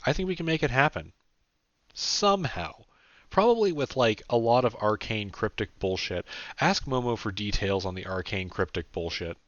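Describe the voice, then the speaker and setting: A man's voice: lowish voice, expressive, normal speed, fairly bright tone, no room sound, pitched above the performer's own voice. A man voicing a candid young man who rambles casually and swears freely, in an audiobook. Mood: earnest. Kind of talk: audiobook character voice. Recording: dull dry lo-fi recording.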